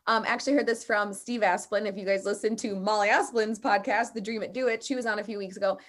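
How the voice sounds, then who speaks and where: A woman's voice: medium pitch, steady tone, fast talker. A young woman hosting a podcast, chatty, candid and bubbly as she shares stories with a guest. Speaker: podcast host. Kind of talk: casual podcast chat.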